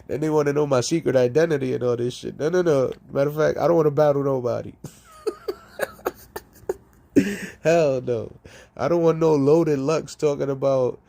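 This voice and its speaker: A man talking casually on his live stream, rambling and profane, laughing between lines and swinging from loud outbursts to low mutters. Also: normal speed, gravelly, pauses often. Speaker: streamer and rapper.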